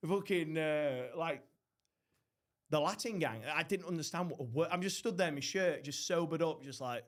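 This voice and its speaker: A man's voice: fairly high pitch, moderate pace. A young man hosting a podcast, telling rowdy stories in casual chat with lots of swearing and mimicked voices. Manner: swearing, animated, mimics others. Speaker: podcast host.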